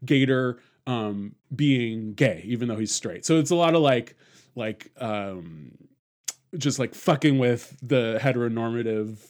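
Chatty male podcast host, casual film talk, rambling and quick to laugh. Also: medium pitch. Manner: rambling, laughs often, many fillers and restarts.

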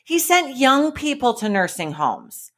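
A woman's voice: sits high, very animated, unhurried, a bit bright. A woman co-hosting a casual political podcast, trading sarcastic, profane banter. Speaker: podcast co-host.

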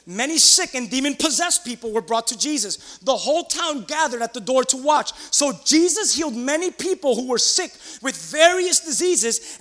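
A man preaching a sermon in church as pastor, excitable, swinging between loud outbursts and quiet asides. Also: very high voice, in a large hall.

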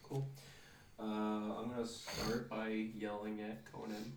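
A man's voice: fairly low pitch, flat delivery, takes it slowly, reverberant, far from the mic, rough recording. A man playing a tabletop game, talking casually and stumbling over words. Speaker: player.

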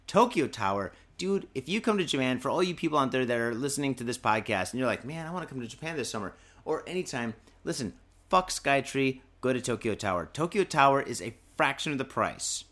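A man's voice: medium pitch, very animated, brisk, a bit bright. A tipsy man hosting a podcast, rambling in a rowdy, profane way and saying "dude" a lot. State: tipsy from drinking. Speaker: podcast host. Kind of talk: rambling drunk podcast monologue. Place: Japan.

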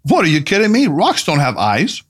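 A man's voice: wildly swooping pitch, moderate pace, breathy edge, full character voice. A man voicing a skeptical adult male doctor in an audiobook, raising his voice into an incredulous, defensive tone. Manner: incredulous, defensive, higher-pitched. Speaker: protagonist character in an audiobook. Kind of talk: audiobook character reading.

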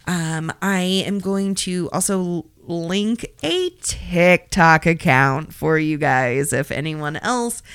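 A woman's voice: mid-range voice, a bit bright, clean tone, no room sound, clean studio sound. A woman co-hosting a podcast, telling a story in casual chat with frequent swearing and sassy asides. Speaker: podcast co-host.

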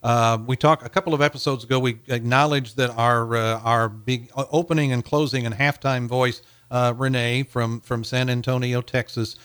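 A man in his sixties from Missouri, co-hosting a casual podcast, talking in a rambling, halting way with frequent chuckles. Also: medium pitch, fairly even intonation, fairly bright tone, smooth, no echo. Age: 60s. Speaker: podcast co-host. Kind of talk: casual chat.

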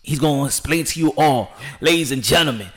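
A man hosting a boxing channel, talking excitably and loudly with lots of slang and repetition before an interview. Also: fairly high pitch, brisk. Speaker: boxing show host. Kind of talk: hyped-up channel talk and interview.

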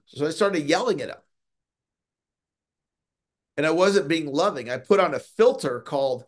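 Earnest male sales coach, fairly high voice. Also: expressive. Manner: earnest, repeats phrases, slows to stress key words. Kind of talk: motivational call talk.

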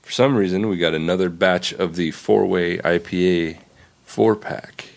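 A man's voice: low-pitched, normal speed, vocal fry, a little mellow. A man chatting on a beer podcast with a dry, joking manner. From Central California. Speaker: podcast co-host. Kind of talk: casual chat.

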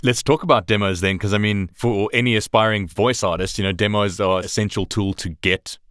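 A man hosting a podcast, asking measured questions in an interview. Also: on the low side, fairly even intonation, fairly bright tone. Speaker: podcast host.

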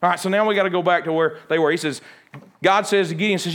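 A male preacher with a fairly high voice, delivering a sermon. He tells stories in a folksy, animated way. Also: fast. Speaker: pastor.

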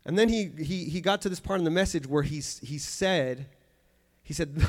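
A man's voice: on the high side, a little slow, pauses often. A man preaching a sermon in church, earnest and emphatic, often restarting and repeating phrases.

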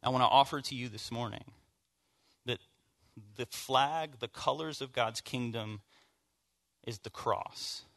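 A man from the American South preaching a conversational sermon, moving from hushed storytelling to emphatic points. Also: mid-range voice, measured pace, gravelly, pauses often. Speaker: pastor.

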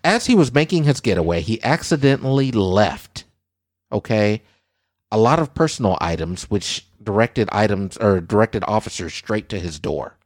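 Animated man in his forties hosting. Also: lowish voice, moderate pace, no room sound, studio quality. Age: 40s. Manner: animated, exclaiming, addressing viewers as guys. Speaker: show host. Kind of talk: casual news-story banter.

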